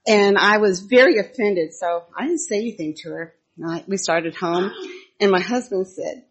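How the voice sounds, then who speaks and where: An older woman giving a conversational devotional talk, telling personal church stories and reading Bible verses in a husky voice. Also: lowish voice, moderate pace. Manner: homely storytelling with Bible readings.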